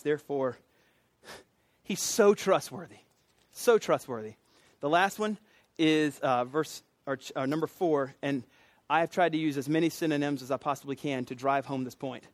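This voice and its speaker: A man's voice: fairly high pitch, normal speed, dry recording. A man preaching a sermon in a casual, joking, conversational way. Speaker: pastor.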